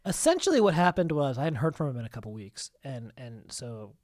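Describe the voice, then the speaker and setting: A man in his thirties, a comedian, telling a personal story in casual conversation, halting and restarting as he acts out his past self. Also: medium pitch, big pitch swings, a little mellow, dry recording, studio quality. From United States. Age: 30s. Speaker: stand-up comedian guest.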